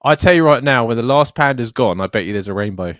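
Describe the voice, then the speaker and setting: A man's voice: mid-range voice, expressive, fast, fairly bright tone, no echo, studio quality. Ranting guy podcaster. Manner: swearing, ranting, jokey. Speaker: podcast co-host. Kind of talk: casual chat.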